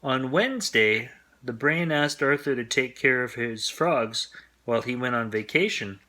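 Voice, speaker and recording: Man, bedtime storyteller, bright clear tone, gentle friendly read-aloud. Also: mid-range voice, expressive, unhurried.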